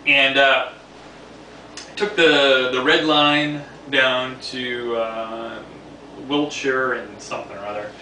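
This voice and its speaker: A man from around New York City vlogs a loose, casual story full of repeated words and laughter. His medium-pitched voice stays fairly even, sounds pushed and bright, and moves slowly. Faint hiss and room echo come through, as he sits distant from the mic.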